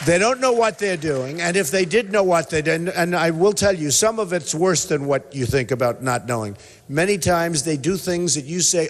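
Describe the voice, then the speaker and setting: A man's voice: fairly high pitch, moderate pace. An older man giving an emphatic, rambling, repetitive campaign rally speech in a hotel convention hall. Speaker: political candidate speaking at a rally. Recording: echoey convention hall with long reverb.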